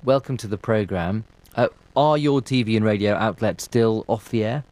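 A male news presenter with a fairly low voice, reading headlines and then questioning a guest in a crisp, pressing way. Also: normal speed, a little mellow, dry recording.

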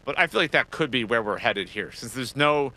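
A man analyzing politics on a news panel, talking quickly and animatedly with frequent restarts. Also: mid-range voice, expressive, sharp tone, low-quality recording.

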